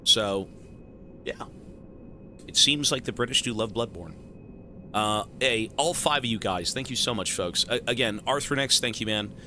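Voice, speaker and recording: A male streamer thanking donors and joking with his live chat in a profane, animated way. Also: fairly low pitch, normal speed, pauses often, slight background noise.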